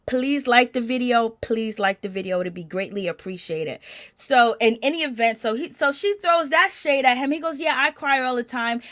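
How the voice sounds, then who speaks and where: A woman giving animated gossip commentary, reacting with exclamations as she recaps a show. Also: a little high, normal speed. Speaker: commentary channel host.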